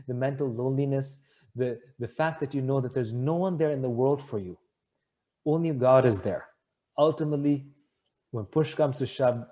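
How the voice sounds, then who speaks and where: A man's voice: medium pitch, mellow. A man answering a question with an earnest, rambling story that corrects itself as he goes. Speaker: spiritual speaker answering a question.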